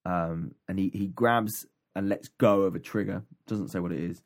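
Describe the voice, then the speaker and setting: Low-voiced man recapping a story. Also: moderate pace, a little mellow. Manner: rambling, many ums and restarts. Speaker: podcast co-host. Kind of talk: casual chat recapping an audiobook.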